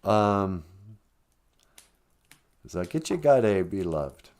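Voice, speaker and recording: A man's voice: fairly low pitch, sing-song, very slow, darkish tone. A man hosting a live stream from home, talking candidly and rambling, with frequent asides that interrupt himself. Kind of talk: casual live-stream talk.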